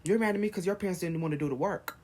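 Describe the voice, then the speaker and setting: A man's voice: sits high, racing, a little mellow. A man vlogging, firing off heated rhetorical questions in a rant to camera. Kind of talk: ranting to camera.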